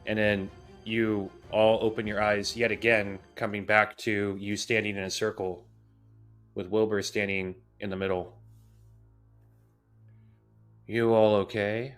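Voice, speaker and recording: A man narrating a tabletop role-playing game as game master, calm and descriptive, with frequent "uh". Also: on the low side, moderate pace, soft background music.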